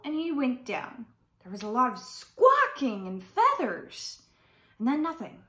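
A woman storyteller reads a folk tale with lively, expressive narration. Her voice sits high and swoops widely, and the room adds a noticeable echo. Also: unhurried. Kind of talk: children's story reading. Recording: roomy echo.

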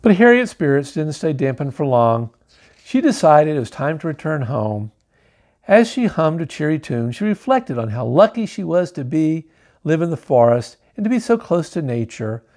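A man's voice: fairly high pitch, very animated, moderate pace, a little mellow. A man reading a picture book aloud, with wry, joking asides between the story lines. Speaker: storybook reader.

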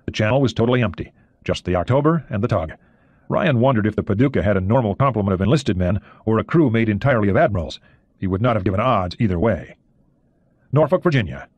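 Male audiobook narrator, low voice, steady, dry close sound. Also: quick pace, no room sound, lo-fi sound. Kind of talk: audiobook reading.

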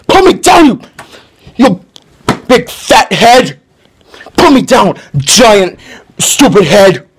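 A man's voice: big pitch swings, slow pace, pauses often, slight background noise, exaggerated voice. An actor playing a frightened, broken young man in his twenties who pleads while crying. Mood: yelling. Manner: pleading, sobbing, high and strained.

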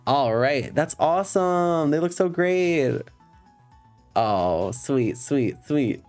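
A man's voice: on the high side, expressive, slow pace, a little mellow, faint music behind. Campy chatty man streaming in drag. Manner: campy, chatty, swears playfully at chat. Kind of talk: casual live-stream chat.

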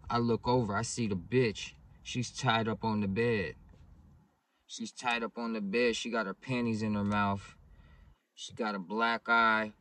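A man's voice: fairly low pitch, level tone, a little slow, a bit bright. A man telling a story in blunt, profane street slang. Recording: voice distant from the mic.

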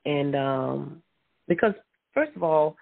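A preacher giving an informal Bible teaching, reading scripture aloud, often repeating words and affirming with a quiet mm-hmm. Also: mid-range voice, expressive, slow pace, gravelly. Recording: tinny phone-line audio.

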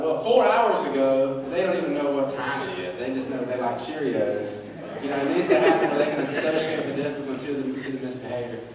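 A man preaching a sermon in a folksy, joking way, swinging between quiet and loud. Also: mid-range voice, a little hiss or hum. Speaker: pastor. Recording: echoey church hall from far off.

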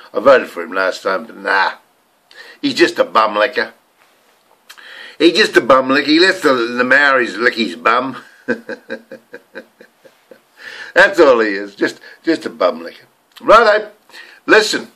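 Older New Zealand man, rambling vlog ranter, bright forceful voice with big swings in pitch. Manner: rambling, ranting, repeats words. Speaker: vlogger. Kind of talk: rambling monologue to camera.

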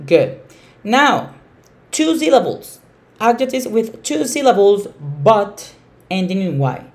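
A woman teacher explaining grammar emphatically, often repeating key words and slowing down on examples. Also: medium pitch, sing-song, a little mellow. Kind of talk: bilingual classroom explanation.

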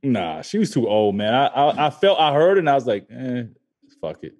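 A man's voice: mid-range voice, fairly quick, highs cut off. A man co-hosting a podcast, chatting casually and telling a story with lots of swearing, acting out the people he quotes. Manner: animated, profane, acts out quoted lines. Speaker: podcast co-host.

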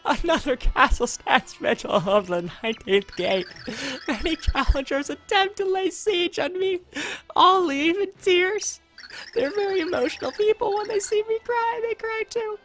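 A man voicing a stoic but weepy male castle guardian in a video game, speaking slowly and solemnly. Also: very high voice, expressive, a bit bright, soft background music, pitched above the performer's own voice, exaggerated voice. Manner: slow, solemn and tearful.

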